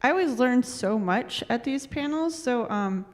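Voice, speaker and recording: Slow-speaking woman asking a question. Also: on the high side, lively intonation. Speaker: virtual attendee asking a question.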